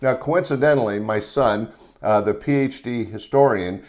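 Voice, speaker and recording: A man's voice: mid-range voice, normal speed, a little mellow. A man in his sixties hosting a podcast, introducing comedy clips in an upbeat, showman-like way with casual chat. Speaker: podcast host.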